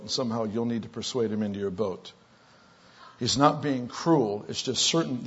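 A pastor with a husky, medium-pitched voice tells stories in a sermon, delivering them animatedly and rising loud for the exclamations he quotes. The recording is dull and lo-fi.

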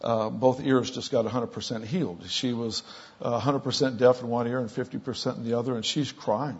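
A man preaching, telling miracle stories in an animated storytelling way that grows loud on quoted lines. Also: medium pitch, brisk, husky. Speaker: pastor. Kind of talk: sermon storytelling. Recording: dull lo-fi sound.

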